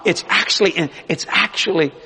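A man preaching a sermon as pastor, animated, swinging between loud and hushed. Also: sits high, moderate pace, breathy edge. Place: large church hall. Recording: long reverb of a large hall.

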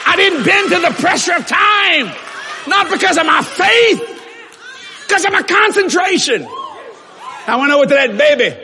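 A man preaching a storytelling sermon, animated, moving between quiet low narration and shouted exclamations. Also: moderate pace, a faint crowd, a little hiss or hum. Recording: long reverb of a large hall.

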